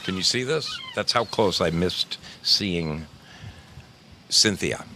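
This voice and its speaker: A man's voice: low-pitched, sing-song, slow pace, noisy background. A man hosting a casual livestream, greeting viewers in the chat one by one in a playful, effusive way and calling them darling. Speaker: livestream host.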